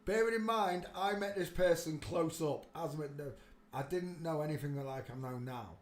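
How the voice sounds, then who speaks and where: A man hosting a casual livestream, rambling to himself as he browses pictures and turning loud and animated when he tells a story. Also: on the high side, moderate pace. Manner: rambling, talks to himself while searching pictures; gets loud and animated telling stories. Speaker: livestream host. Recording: roomy echo with faint ambience.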